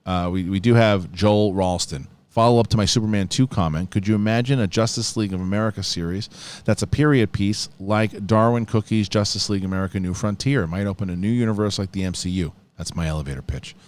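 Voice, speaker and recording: A man's voice: fairly low pitch, quick pace. Brief: laid-back man hosting a live show, casual chat. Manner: relaxed, casual, with fillers. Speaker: host.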